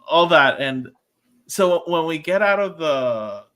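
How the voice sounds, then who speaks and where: This man talks with a bright, pointed tone that sits somewhat high for a man. He is co-hosting a podcast and tells a story in a loose, chatty way, slipping into the voices of the people in it. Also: slow. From Puerto Rico. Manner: animated, acts out quoted dialogue. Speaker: podcast co-host. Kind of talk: casual storytelling chat.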